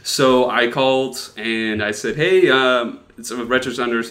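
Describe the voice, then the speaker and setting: A man's voice: mid-range voice, a little slow, fairly bright tone. Young man, Dutch accent, podcast co-host, rambling self-deprecating storyteller, casual. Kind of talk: casual chat.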